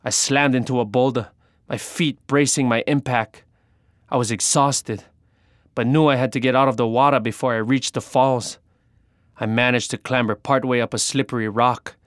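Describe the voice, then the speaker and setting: A man narrating an adventure story in the first person, measured and dramatic. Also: mid-range voice, dry recording, clean studio sound.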